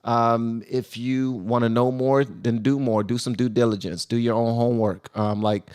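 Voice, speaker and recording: A man's voice: mid-range voice, steady tone, normal speed, a little mellow, smooth. A man hosting a casual live stream and talking loosely, with many fillers and restarts.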